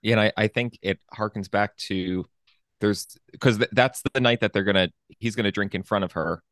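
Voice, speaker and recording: Low-voiced guy hosting a movie podcast, thoughtful, dry close sound. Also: a bit bright, dry recording. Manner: thoughtful, measured, with fillers and restarts. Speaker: co-host of a film podcast. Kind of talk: casual conversation.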